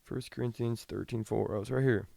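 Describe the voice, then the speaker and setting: A young man hosting a podcast, talking casually about the Bible, reading scripture slowly and rambling with frequent restarts. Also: medium pitch, fairly even intonation, creaky, mellow, no room sound, clean studio sound. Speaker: podcast host. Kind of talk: casual Bible teaching talk.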